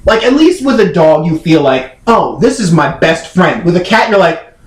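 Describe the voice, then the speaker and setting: High, lively man ranting in a roomy room. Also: moderate pace. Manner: animated ranting, acts out voices in his stories. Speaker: podcast cast member. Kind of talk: comedic casual chat. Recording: roomy echo.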